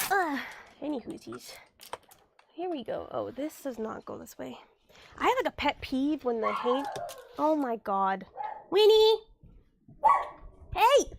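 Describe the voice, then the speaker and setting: Young woman streamer, high and gravelly, getting over being sick, chatty home-stream talk with muttered asides. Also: slight background noise. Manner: chatty, thanks viewers and mutters asides while tidying. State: recovering from illness. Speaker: livestreamer. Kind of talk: casual livestream chat. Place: room at home.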